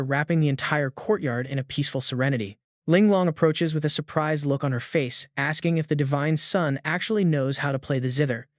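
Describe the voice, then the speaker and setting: A man narrating a manhwa recap as a scripted, dramatic story, in a smooth, even manner without fillers. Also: fairly high pitch, no room sound, clean studio sound.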